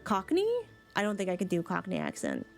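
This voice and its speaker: A woman streamer reacting to a game she is reading aloud, chatty and excitable. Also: lowish voice, a little fast, faint music behind.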